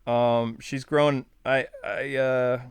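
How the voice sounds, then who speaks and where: A man's voice: medium pitch, little pitch movement, very slow, smooth, no room sound. A man in his thirties from New York, hosting a casual live stream and chatting in a rambling, self-deprecating, jokey way. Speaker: streamer host.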